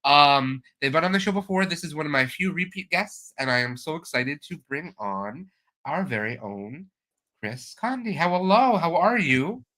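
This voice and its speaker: A man's voice: fairly high pitch, expressive, moderate pace, bright, forceful tone. A man hosting a live stream chat show, talking in an enthusiastic, chatty way with plenty of fillers. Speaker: host.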